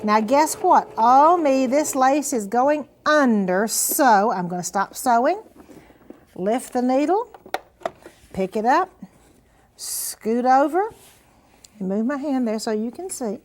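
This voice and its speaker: A woman's voice: high-pitched, animated, slow pace, long pauses, slight background noise. An older woman hosting a sewing show, demonstrating steps in a folksy, encouraging way. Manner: chatty, folksy, encouraging, says "honey" and "now then".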